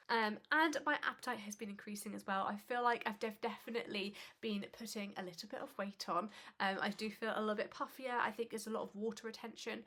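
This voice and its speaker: A young woman with a bright, clear tone chats to camera in a relaxed vlog. She is a little breathless, and her talk is loose and conversational, full of fillers. Her pitch sits in an ordinary middle range. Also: fast. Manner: chatty, conversational with frequent fillers. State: slightly out of breath. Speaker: pregnancy vlogger. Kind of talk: casual informative vlog.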